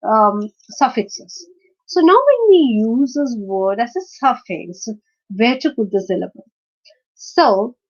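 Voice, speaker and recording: A woman teaching a phonetics lesson, hesitant with many fillers and self-corrections, spelling out letters and slowly stressing example words. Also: fairly high pitch, a little mellow. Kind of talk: phonetics lecture. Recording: slightly dull lo-fi sound.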